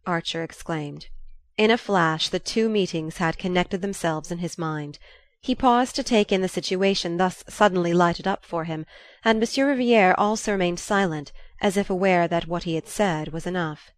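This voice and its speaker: Low-voiced woman narrating a novel. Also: normal speed, no room sound. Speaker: audiobook narrator. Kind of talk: scripted narration.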